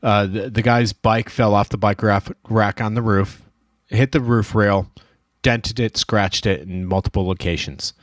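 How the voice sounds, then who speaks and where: A man's voice: fairly low pitch, steady tone, a little slow, no room sound, studio quality. A man who runs a dent repair shop, telling a story in casual shop talk and acting out the dialogue. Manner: storytelling, acts out quoted dialogue. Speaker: dent repair shop owner, show host.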